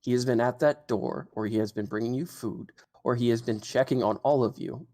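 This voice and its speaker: A man running a tabletop game as dungeon master, narrating scenes in a relaxed way with fillers. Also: medium pitch, brisk.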